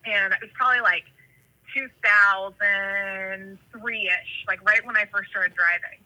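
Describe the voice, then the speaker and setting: A woman from California telling animated, rambling stories in casual chat, full of tangents and fillers. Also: medium pitch, measured pace, lo-fi sound.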